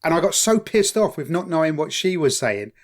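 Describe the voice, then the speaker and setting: A man talks through a casual podcast episode, animated and quick to laugh. His voice sits a little higher than most men's, and he swears freely. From East London. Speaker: podcast co-host. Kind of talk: casual chat.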